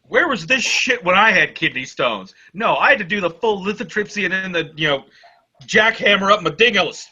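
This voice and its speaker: Man, co-host, casual banter, bright voice, lively pitch, blunt and profane, dull lo-fi sound. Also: moderate pace, husky. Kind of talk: casual news chat. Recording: lo-fi recording.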